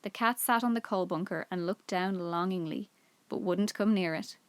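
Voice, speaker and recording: Casting: a teacher narrating a children's book for her class, steady and clear. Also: lowish voice, moderate pace, dry recording. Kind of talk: reading a children's book aloud.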